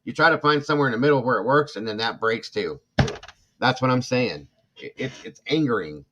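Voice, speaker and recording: A man's voice: mid-range voice, fairly quick, pushed and bright. Passionate, indignant man with a lo-fi sound. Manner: passionate, indignant ranting with repeated apologies. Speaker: true crime livestream host. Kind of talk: casual livestream talk reading chat. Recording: dull lo-fi sound.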